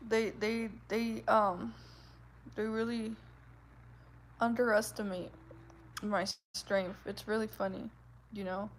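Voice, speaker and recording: A woman in her twenties chatting casually with her viewers, with a soft, gentle voice and a giggly, rambling way of talking that is full of "like". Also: mid-range voice, little pitch movement, slow pace, long pauses, slight background noise. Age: 20s. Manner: chatty, giggly, fills speech with "like". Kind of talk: casual livestream chat.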